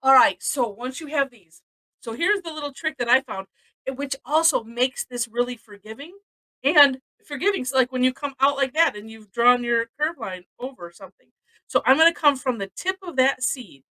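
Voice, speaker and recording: A woman's voice: high voice, expressive, normal speed, bright, forceful tone, rough recording. A woman from Missouri teaching a live-streamed drawing lesson, chatty and rambling, often laughing between steps.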